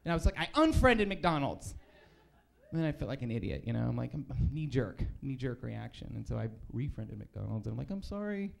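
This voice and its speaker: A man's voice: mid-range voice, brisk, vocal fry, darkish tone. A man doing a rambling, self-deprecating stand-up comedy set on a comedy club stage, full of fillers and restarts.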